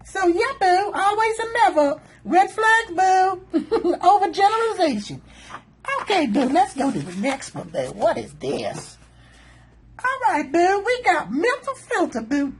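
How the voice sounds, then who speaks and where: A woman's voice: very high-pitched, very animated, measured pace, poor audio. A woman hosting a casual commentary, reading from a self-help book and calling her listener honey and boo in a sassy manner, laughing often. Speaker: channel host.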